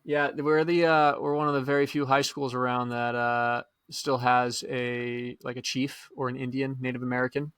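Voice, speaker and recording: A man's voice: mid-range voice, little pitch movement, a bit bright, clean tone, dry recording. Laid-back guy on a dry mic. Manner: laid-back, drawn-out opinions with fillers. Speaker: podcast co-host and high school coach. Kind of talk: casual sports chat.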